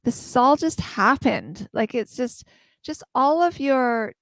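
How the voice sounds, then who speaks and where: A woman's voice: high voice, lively intonation, slow, no room sound. Co-host woman, gushing and enthusiastic, dry close sound. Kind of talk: casual interview chat.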